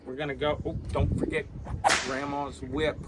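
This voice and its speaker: Male cooking vlog host, slightly high voice, loose and rambling, keeps checking in with "okay?". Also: flat delivery, moderate pace, very noisy. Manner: rambling, tags sentences with "okay?". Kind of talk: casual cooking demonstration. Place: aboard a small sailboat.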